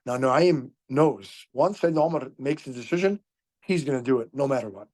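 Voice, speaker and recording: A man hosting a podcast, retelling religious history as a lively story, acting out the quoted dialogue and reciting Arabic phrases along the way. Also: medium pitch, brisk. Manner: frequent restarts and repeated words. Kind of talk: storytelling lecture.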